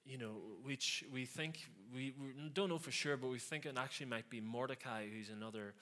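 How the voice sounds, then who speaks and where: A man's voice: medium pitch, fairly even intonation, brisk, pushed and bright. A man preaching a conversational sermon, with sarcastic asides and frequent questions to the listeners.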